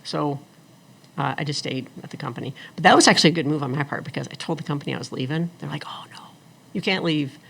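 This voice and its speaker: Lively storytelling woman, gravelly voice. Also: deep voice, very fast. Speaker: guest, attorney and former engineer. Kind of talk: casual storytelling in an interview.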